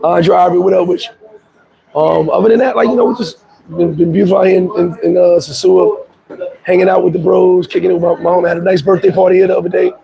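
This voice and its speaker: Hoarse male livestream host, easygoing shout-outs, crowd audible in the background. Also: high-pitched, steady tone, fast talker, rough recording. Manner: laid-back, shouting out viewers by name. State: hoarse, voice worn out. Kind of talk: casual live chat.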